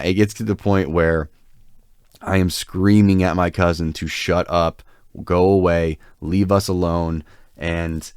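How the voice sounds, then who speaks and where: A low-pitched man with a clear, resonant, slightly mellow voice is heard in a dry, clean studio recording. Co-hosting a podcast, he tells a long anecdote in a loose, rambling way, full of fillers and jokes at his own expense.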